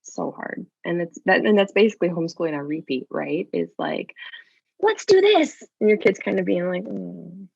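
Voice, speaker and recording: A woman's voice: fairly low pitch, brisk, vocal fry, few pauses, a little mellow, slightly rough, no room sound, dull audio. A woman talking casually about homeschooling as a podcast guest, chatty and acting out little quoted voices. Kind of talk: casual conversation.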